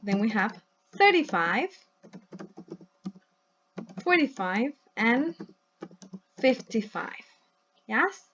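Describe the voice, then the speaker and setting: A woman leads a recorded English lesson with a fairly high voice full of big pitch swings and a fairly bright tone. Patient throughout, she says words slowly for her students to repeat and keeps checking in with "yes?" and "right?". The recording is muffled with a little hiss or hum.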